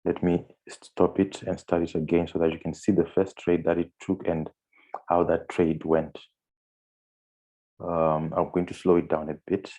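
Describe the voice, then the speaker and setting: A man's voice: low-pitched, creaky, a little mellow. A man giving a screen-share trading tutorial, walking through on-screen steps with frequent fillers and restarts. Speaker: trading instructor.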